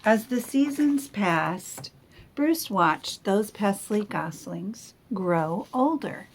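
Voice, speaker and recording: Teacher lady reading a storybook to kids, asks them questions, takes it slow. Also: mid-range voice, lively intonation, a little hiss or hum. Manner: gentle, asks the children questions. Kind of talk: picture book read-aloud.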